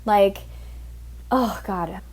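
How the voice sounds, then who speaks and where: A woman's voice: medium pitch, extremely slow, a little mellow, breathy edge. Blunt, profane woman telling a story. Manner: blunt and profane, heated, mimics others. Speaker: podcast host. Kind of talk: casual storytelling monologue.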